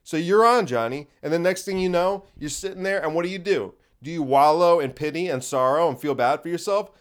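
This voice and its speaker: A young man hosting a solo podcast, talking in an excitable, profane, rambling pep-talk manner. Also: on the high side, fairly quick, clear, resonant tone. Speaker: podcast host and stand-up comedian. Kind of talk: casual solo podcast monologue.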